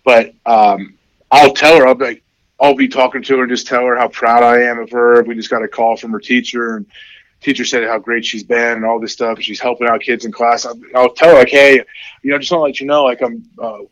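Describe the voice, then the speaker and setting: A man in his forties chatting casually as an interview guest, rambling with many fillers and getting animated when he quotes his kids. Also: mid-range voice, brisk, no room sound, lo-fi sound. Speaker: podcast guest, former football player.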